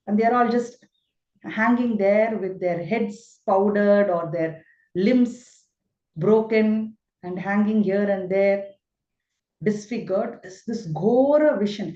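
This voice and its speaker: A woman's voice: mid-range voice, mellow. A woman spiritual teacher giving a scripture lesson as vivid storytelling with rhetorical questions. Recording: roomy, dull recording.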